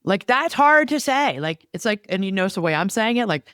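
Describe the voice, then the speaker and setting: A woman's voice: mid-range voice, brisk, clear, resonant tone, dry recording, studio quality. A woman co-hosting a podcast, giving frank relationship advice in casual conversation and acting out what to say. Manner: animated, acts out quoted lines. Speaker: podcast co-host.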